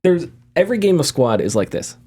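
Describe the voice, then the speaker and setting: A man's voice: on the high side, a little fast, breathy edge. A man co-hosting a gaming podcast in casual chat, laughing often and acting out scenes in funny voices. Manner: animated, laughs often, mimics voices in anecdotes. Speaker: podcast co-host.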